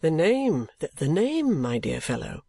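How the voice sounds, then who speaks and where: A man voicing an excitable, flustered middle-aged male clerk in a storybook reading, breathless and stammering. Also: fairly high pitch, a little slow, vocal fry, slightly rough, no echo, exaggerated voice. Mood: excited, fluttering.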